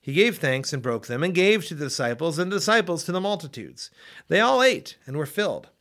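A man reading scripture aloud in a measured, expressive way. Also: fairly high pitch. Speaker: Bible reader.

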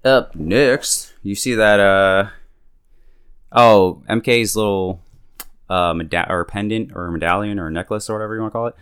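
A young man on a podcast casually recaps a TV episode in laid-back, slangy talk, chuckling often and acting out the characters' lines. His fairly low, smooth, fairly bright voice moves at normal speed in echo-free, studio-quality sound.

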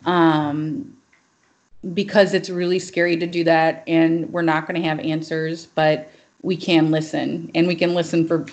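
A woman's voice: deep voice, flat delivery, a little slow, a little mellow. A woman in casual podcast conversation, speaking earnestly and emphatically, often saying "like".

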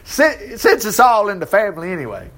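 Vengeful young prince, low menacing mutter, put on by a preacher. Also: male voice, huge pitch swings, fairly quick, a bit bright, heavily acted.

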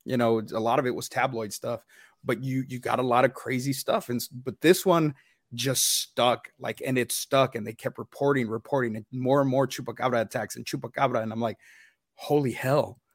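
A man co-hosting a podcast, chatting in a relaxed, rambling way with lots of filler phrases. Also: mid-range voice, a little fast, no room sound, studio quality. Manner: relaxed, rambling, many "you know"s. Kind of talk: casual chat.

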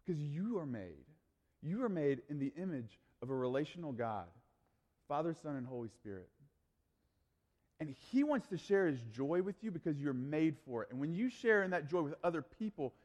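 A youth pastor preaching to a crowd, a man with a slightly higher voice who tells his stories in a loose, animated way full of fillers. His voice rings out with the long reverb of a big hall. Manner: animated, casual storytelling with frequent fillers. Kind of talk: storytelling sermon.

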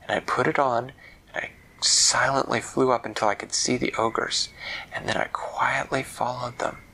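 A man's voice: mid-range voice, fairly even intonation, normal speed, gravelly, pushed and bright, a little hiss or hum, rough recording. A man telling a fantasy story aloud, leisurely and repeating words for effect. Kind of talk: oral storytelling.

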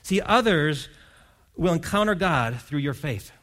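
A man preaching a sermon as pastor, telling a Bible story and voicing its characters, rising to loud emphasis. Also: a little high, lively intonation, measured pace.

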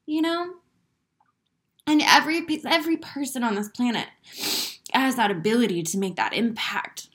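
An inspirational speaker, a woman, addresses her viewers in an emotional, spiritual motivational talk, full of earnest conviction, free swearing and laughter through her feelings. Her voice is fairly high and a bit bright, at a moderate pace with long pauses.

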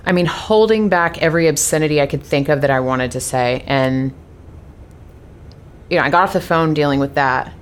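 A woman's voice: deep voice, normal speed, clear, resonant tone. A woman talks straight to her audience in a loose, rambling monologue. She is in her thirties and candid, with plenty of fillers and blunt swearing. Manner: chatty, swearing, many fillers. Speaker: vlogger sharing personal news. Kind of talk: casual monologue to followers.

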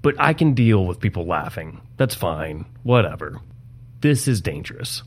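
A man's voice: deep voice, sing-song, moderate pace. A man co-hosting a political podcast in a studio, talking with wry, sarcastic asides. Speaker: podcast co-host.

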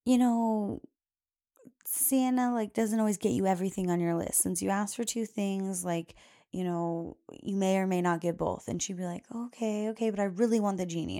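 Her voice is mid-range with a dark tone. As a young adult podcast host, she casually recounts a story and raises her voice to quote her small daughter.

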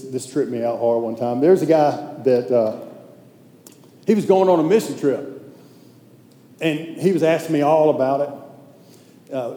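A man preaching in a casual, emphatic way, his voice dark and mellow. He often sinks into a hushed, intense tone. The sound carries a long echo through a large hall, with faint noise behind it. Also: medium pitch. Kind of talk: sermon.

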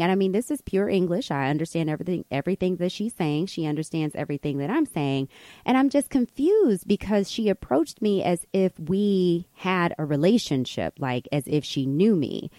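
An American woman hosts a podcast and tells a personal story. Her delivery is conversational and full of fillers. Her lowish voice swings a lot in pitch, and the recording is dry and close. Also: moderate pace, no echo. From United States. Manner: animated, conversational, many fillers. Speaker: podcast host.

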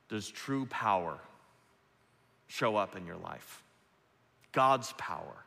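A man preaching a sermon, moving between loud, impassioned peaks and quiet, hushed passages. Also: mid-range voice, sing-song, takes it slowly, long pauses. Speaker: pastor. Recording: long reverb of a large hall.

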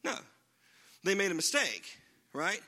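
A man's voice: high-pitched, wildly swooping pitch, unhurried, bright, forceful tone. A man preaching a sermon in a conversational way, often checking in with his listeners by asking "right?". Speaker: pastor.

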